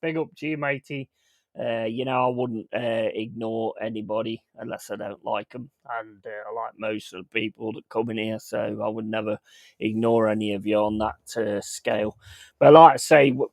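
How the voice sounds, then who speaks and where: A man's voice: mid-range voice, vocal fry, dry recording. Male streamer, blunt and sweary, casual rant, dry close sound. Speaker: streamer host. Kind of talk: casual livestream chat. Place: home.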